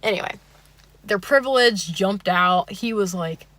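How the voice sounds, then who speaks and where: A woman's voice: medium pitch, a little slow, a bit bright, dry recording. A woman YouTuber telling a dating story in a comic, dramatic way, acting out the other people's voices. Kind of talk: storytime vlog.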